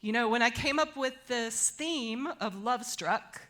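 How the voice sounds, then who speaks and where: Woman, fairly high voice, slow and hesitant, folksy live show host, stage mic. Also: a bit bright. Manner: hesitant, filler-heavy, folksy. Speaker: storytelling show producer and host. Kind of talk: casual live stage talk. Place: theater stage before a live audience.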